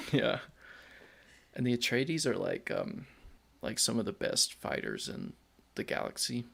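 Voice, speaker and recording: A man's voice: medium pitch, wildly swooping pitch, unhurried, creaky, a bit bright, husky. A man co-hosting a casual movie-review podcast, giggling often as he eagerly explains the lore. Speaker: podcast co-host.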